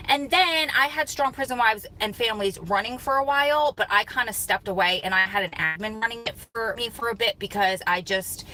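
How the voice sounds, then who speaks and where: On a poor-quality recording with a little background noise, a young woman from the United States speaks in a voice on the high side. She's a vlog host running a relaxed livestream, chatty and animated, reading comments, telling stories, and laughing a lot.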